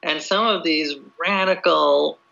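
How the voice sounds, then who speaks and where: A man's voice: a little high, slow, creaky, sharp tone. A man being interviewed as an author, answering casually and hesitantly, with lots of fillers and restarts. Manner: hesitant, many "you know" fillers and restarts. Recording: dull lo-fi audio.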